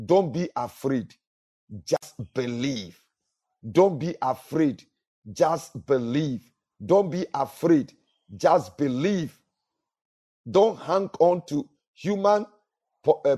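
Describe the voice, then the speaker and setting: A man's voice: a little high, warm tone. A male pastor preaching a sermon, earnest, with repetitions and restarts.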